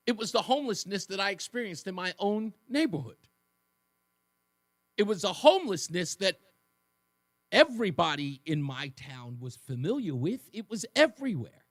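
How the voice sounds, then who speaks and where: A man in his fifties hosts a talk radio show, telling personal stories in a high, lively voice that leaps up and down. He slips in sarcastic asides. The studio sound is dry and close. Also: dry recording. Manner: animated storytelling with sarcastic asides. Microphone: studio microphone.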